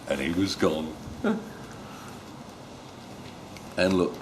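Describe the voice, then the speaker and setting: A man reading a rhyming picture book aloud to children in an animated way and asking them questions. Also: low voice, very slow, pauses often, slight background noise. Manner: animated, asks the young listeners questions. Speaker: storyteller.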